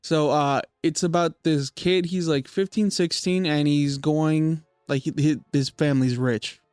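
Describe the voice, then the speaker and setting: A man's voice: on the high side, steady tone, measured pace, a little mellow, clean tone, no room sound, studio quality. A young man hosting a podcast, casually retelling a spooky story with lots of fillers and swearing. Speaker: podcast host.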